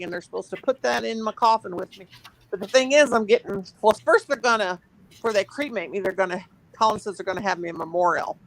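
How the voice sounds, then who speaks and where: A woman's voice: mid-range voice, fairly bright tone, low-quality recording. Chatty woman crocheting and laughing. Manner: chatty, laughs often, counts stitches aloud. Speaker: crochet channel host. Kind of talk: casual chat while crocheting.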